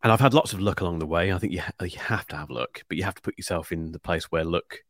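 Deep-voiced Englishman in his forties. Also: fast talker, no echo, studio quality. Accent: neutral English. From England. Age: 40s. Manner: reflective, self-deprecating. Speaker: guest YouTube creator. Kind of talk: casual podcast chat.

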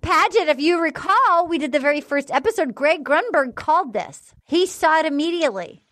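A woman's voice: high-pitched, lively intonation, moderate pace, a bit bright, no echo, studio quality. A woman co-hosting a casual podcast, retelling a dating show and acting out quotes in voices. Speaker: podcast co-host.

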